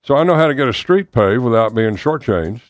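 A man with a Southern US accent answering interview questions as a political candidate, measured and pausing with fillers. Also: medium pitch, animated, no echo, clean studio sound.

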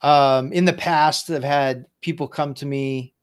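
A man's voice: fairly high pitch, fairly even intonation, a little slow, smooth. A man hosting a casual podcast as a martial arts instructor, steadily explaining and steering the talk.

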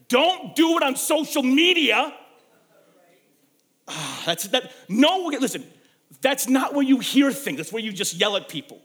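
High-voiced, animated male preacher. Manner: storytelling preacher, swings from loud emphasis to hushed. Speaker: pastor. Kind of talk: sermon.

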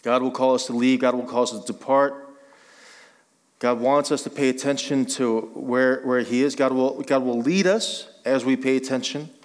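A man's voice: medium pitch, fairly even intonation, normal speed. Man preaching in a reverberant church. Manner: conversational and joking, rising to emphatic exhortation. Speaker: guest pastor. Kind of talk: sermon. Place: church sanctuary. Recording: long reverb of a church hall.

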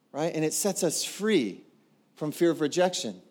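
Animated man preaching a sermon. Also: on the high side, moderate pace. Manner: animated, acts out quoted voices, builds to loud exclamations. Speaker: pastor.

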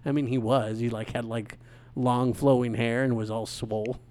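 A man's voice: medium pitch, level tone, darkish tone. Wry man trading movie trivia. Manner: wry, quick with trivia, often laughing. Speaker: podcast co-host. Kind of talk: casual movie podcast chat.

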